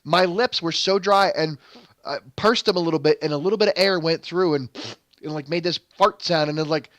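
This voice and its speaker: A man's voice: fairly high pitch, fairly quick, fairly bright tone, no room sound. A young adult man hosting a game channel, telling a long stage story in rambling casual commentary, full of fillers and restarts. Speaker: gaming channel host.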